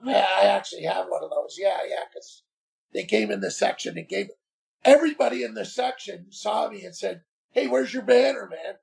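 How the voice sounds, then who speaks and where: A man with a high voice and a heavy gravelly rasp tells a story on a casual podcast. He sounds animated and exasperated, and he acts out the back-and-forth in the voices of the people he quotes. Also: normal speed. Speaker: podcast guest.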